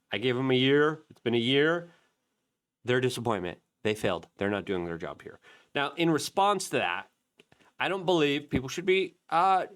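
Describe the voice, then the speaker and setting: A middle-aged man hosting an independent media channel, giving heated commentary and mocking the people he quotes. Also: fairly high pitch. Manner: animated, mocking voices when quoting others. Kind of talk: commentary with a product plug.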